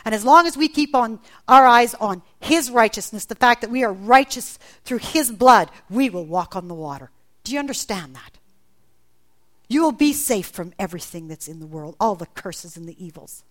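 A woman preaching a sermon, animated, acting out the voices in the Bible story she retells. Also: moderate pace. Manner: animated, acts out voices in quotes with big pitch jumps.

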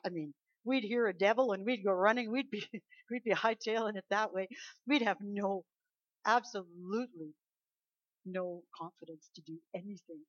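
A woman preacher delivering a sermon with emphatic conviction, rising to loud declarations and dropping to soft asides. Her voice sits at a middling pitch. The recording is muffled and lo-fi, with a dry, close sound. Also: dry recording.

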